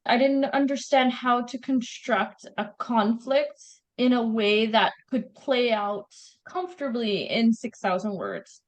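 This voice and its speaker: A woman's voice: a little high, unhurried, hardly any pauses, poor audio. A woman with a Canadian accent, a guest author chatting animatedly about her writing in an interview. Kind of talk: casual interview chat.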